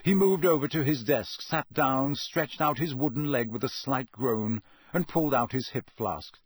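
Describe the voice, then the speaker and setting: A man narrating an audiobook in a steady storytelling manner, with a husky voice. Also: mid-range voice, normal speed, no echo. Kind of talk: scripted narration.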